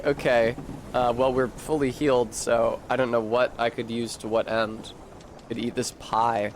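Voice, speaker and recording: A man's voice: medium pitch, steady tone, normal speed, noisy background. A man streaming a video game, rambling casually and swearing as he goes off on tangents. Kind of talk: casual gaming commentary.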